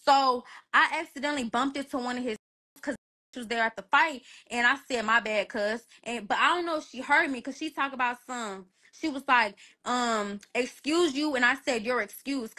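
A woman's voice: a little high, moderate pace. A young woman on a phone livestream, casually telling a story with lots of swearing and acting out every quoted line. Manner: animated, profane, acts out quoted dialogue. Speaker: livestream host. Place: bedroom.

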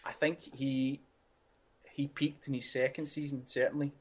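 A man's voice: medium pitch, little pitch movement, normal speed, breathy edge. A man co-hosting a podcast, giving opinions freely and swearing casually. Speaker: podcast co-host. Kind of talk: casual chat.

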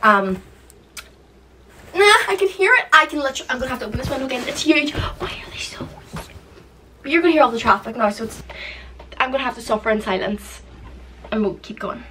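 A woman's voice: fairly high pitch, animated, fast talker, pauses often, distant mic, background noise. A young woman hosting a casual reaction video from a room at home, chatty and emotional as she gushes over what she watches. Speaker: reaction channel host. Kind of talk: casual reaction vlog chat. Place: room at home with skylight window.

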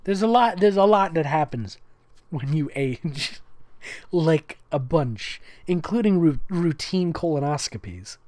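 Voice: mid-range voice, animated, slow pace, darkish tone, dry recording. A comedic reader of fan fiction, reading it aloud with sarcastic, mocking asides.

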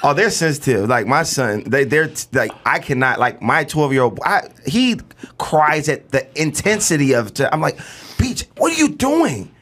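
A man from Chicago, a comedian guest, telling stories in an excitable way and acting out his family scenes. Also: medium pitch, normal speed. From Chicago, USA. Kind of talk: animated comic storytelling.

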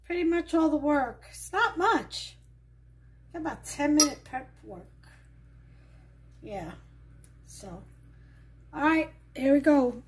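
High-voiced, unhurried woman cooking. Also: lively intonation, slight background noise. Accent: mix of Southern US and New York. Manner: chatty, laid-back, narrates while working. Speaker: cooking show host. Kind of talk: casual cooking demonstration. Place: home kitchen.

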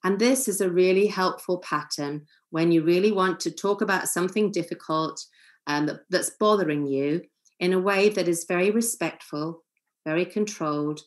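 A woman giving a calm, earnest seminar lecture as a family therapist, acting out short example lines. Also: fairly low pitch, moderate pace.

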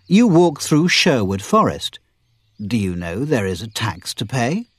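A man's voice: medium pitch, big pitch swings, unhurried, husky, no room sound. A man voicing a bold, cheerful outlaw leader who speaks in a commanding, good-humoured way.

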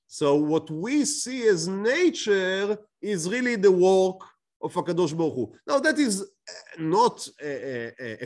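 Animated man teaching with rhetorical questions. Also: high voice. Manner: explains with rhetorical questions, frequent restarts. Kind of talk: lecture to a class.

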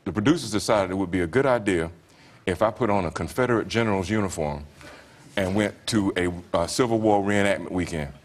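Southern US man in his 40s, talk-show guest; lowish voice, relaxed wry delivery, hesitant fillers. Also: brisk, a little hiss or hum. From Georgia, US. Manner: laid-back, wry, often laughing, many fillers. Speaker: comedian guest. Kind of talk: anecdotal talk-show storytelling.

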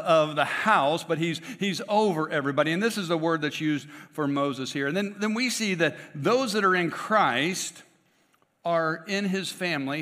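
A man's voice: a little high, fairly bright tone. A man preaching a conversational sermon, with frequent restarts and asides to the congregation. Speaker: pastor. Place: church sanctuary. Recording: long church reverb.

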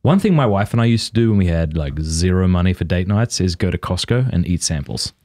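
A man's voice: deep voice, expressive, fairly quick, a little mellow. A man with an Australian accent hosting a podcast, telling jokes and stories in casual chat. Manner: joking, playful storyteller. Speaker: podcast host.

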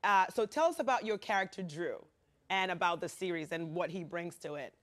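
A morning news host interviewing a guest in a playful, joking way with quick asides. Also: medium pitch, lively intonation, fairly bright tone.

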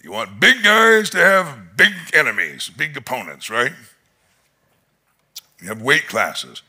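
A male pastor preaching a sermon in an animated storytelling manner, chuckling often as he tells the story. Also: mid-range voice, slow pace, breathy edge.

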